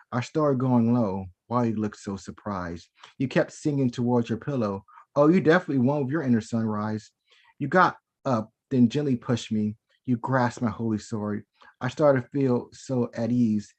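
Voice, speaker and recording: A man performing his own spoken-word poetry over a video call from home, with a rhythmic, dramatic delivery that sinks lower and softer for sensual verse. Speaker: performing poet.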